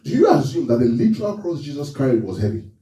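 A man's voice: medium pitch, very animated, fast, mellow. A man preaching a sermon, often checking in with the congregation with questions. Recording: echoey room, from a distance.

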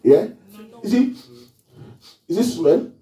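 Recorded from a distance in an echoey hall, a pastor preaches slowly with lively intonation in a high, warm voice. He often asks the congregation questions and waits for their replies.

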